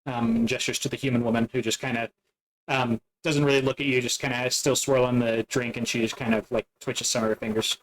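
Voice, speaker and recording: A man narrating a tabletop game as its game master, casual and halting, with many fillers. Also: mid-range voice, level tone, a little hiss or hum, low-quality recording.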